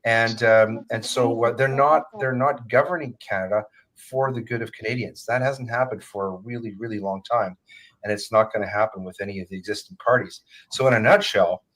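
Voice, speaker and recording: A mid-pitched man explains his political view at an even, measured pace. He restarts his sentences, halting now and then. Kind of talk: political commentary.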